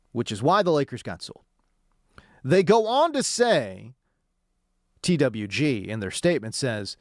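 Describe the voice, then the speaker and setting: A man's voice: a little high, sing-song, unhurried, no echo, clean studio sound. A man hosting a sports talk radio show, talking in a slangy, sarcastic way. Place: radio studio.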